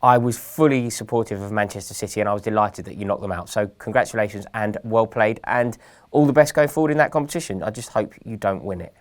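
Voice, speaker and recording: A young man from England hosting a casual football chat, earnest and measured with a touch of dry sarcasm. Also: fairly low pitch. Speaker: host.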